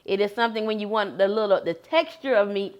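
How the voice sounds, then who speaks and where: A woman co-hosting a cooking demonstration, explaining steps in a calm, explanatory way. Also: medium pitch, fast talker, muffled recording.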